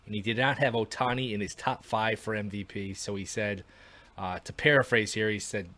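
A man hosting a casual sports podcast, asking questions in a measured way and hedging his claims. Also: fairly low pitch, steady tone, bright, forceful tone. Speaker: podcast host.

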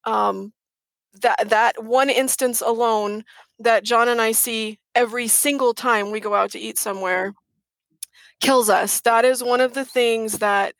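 Earnest, emphatic woman, fairly high voice. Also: steady tone, a little slow, a bit bright, no echo. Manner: emphatic, earnest, repeats words for stress. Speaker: guest. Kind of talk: casual interview chat.

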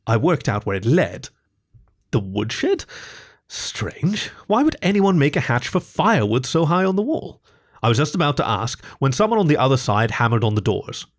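A man reading a story aloud as a podcast host, with a dry, wry delivery. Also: mid-range voice. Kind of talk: storytelling narration.

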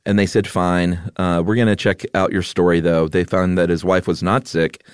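A man's voice: low-pitched, level tone, normal speed, clean tone, dry recording, clean studio sound. A man co-hosting a podcast, recounting events in casual chat with light humor. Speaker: podcast co-host.

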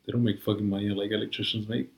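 A man chats casually in a low-pitched voice, swearing constantly and wandering from point to point with filler words. The sound is roomy and echoey. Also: flat delivery, racing, creaky. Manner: profane, rambling, lots of "like" and "you know". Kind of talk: casual chat.

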